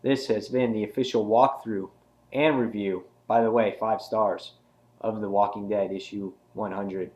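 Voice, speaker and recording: A man reviewing a comic book in a casual video, retelling scenes excitedly with many restarts. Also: fairly low pitch, measured pace.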